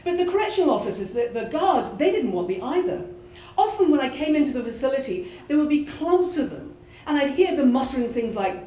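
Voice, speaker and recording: A woman's voice: high voice, fairly quick, a little hiss or hum. A British woman and former prison chaplain, telling a true personal story expressively at a live show. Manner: animated, expressive. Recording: echoey room from a live show.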